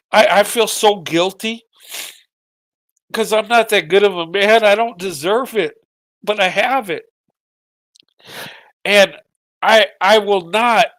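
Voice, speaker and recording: A middle-aged man giving a halting, emotional personal monologue to his viewers, tearful and often repeating his words as his voice breaks. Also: high voice, fairly bright tone, no echo. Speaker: vlogger.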